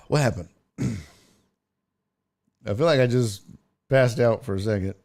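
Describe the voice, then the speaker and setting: A man's voice: mid-range voice, takes it slowly, creaky, a little mellow. A man hosting a casual live stream, ranting in a profane, exasperated way and slipping into mocking voices when he quotes people. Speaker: show host.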